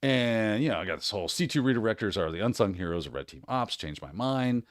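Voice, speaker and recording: A man hosting a casual livestream, giving energetic, encouraging advice with frequent restarts and tag questions. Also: fairly low pitch, fast talker, no room sound, clean studio sound. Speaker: host.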